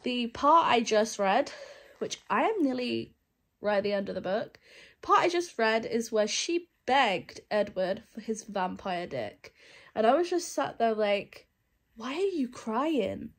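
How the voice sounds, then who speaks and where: A woman's voice: a little high, animated, unhurried. A young woman in a casual book vlog, candid and sarcastic, laughing often. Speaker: book vlogger. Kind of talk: casual reading vlog chat.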